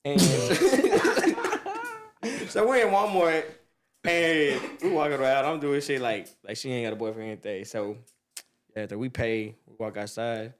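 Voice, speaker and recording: A man telling a story on a podcast in casual chat, laughing and loudly acting out what people said. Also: mid-range voice, a little slow. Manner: animated, laughing, acts out quotes loudly. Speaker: podcast guest.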